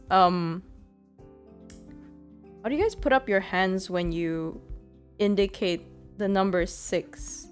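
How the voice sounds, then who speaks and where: Giggly rambling woman streamer. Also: lowish voice. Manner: rambling, giggly, full of fillers. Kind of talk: casual chat.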